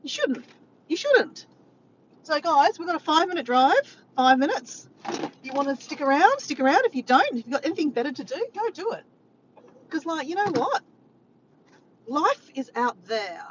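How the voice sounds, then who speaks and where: A woman's voice: sits high, very animated, normal speed, long pauses, muffled recording, a little hiss or hum. An Australian woman chatting casually with her viewers while driving, filmed on a phone. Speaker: vlogger. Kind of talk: casual chat to a live chat. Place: in a car. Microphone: phone camera.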